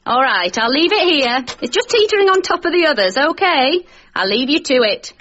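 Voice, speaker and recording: Nagging chatty carer lady, high voice all over the place, bit muffled. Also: very animated, moderate pace, fairly bright tone. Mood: fussing. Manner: prattling, fussing, talking to herself. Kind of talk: comic radio sketch.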